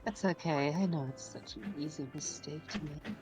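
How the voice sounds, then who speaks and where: A woman's voice: sits low, normal speed, over music. A woman chatting playfully and teasingly with friends while playing a game. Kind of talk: casual gaming chat.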